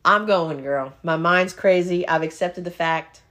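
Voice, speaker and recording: A woman's voice: fairly low pitch, a little slow. A woman, hosting a casual chat and telling a comic story, often checking in with "okay?". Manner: animated, keeps checking in with "okay?". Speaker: podcast host.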